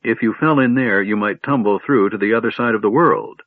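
Burly gruff smith, man reading, low and terse, storybook, phone-thin audio. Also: brisk, no echo, phone-quality sound.

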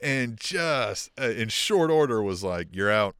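A man's voice: medium pitch, very animated, a little slow, fairly bright tone, smooth, no room sound. A man co-hosting a wrestling podcast, joking and swearing in casual chat and reading out news items. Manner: laughs often, joking, swears.

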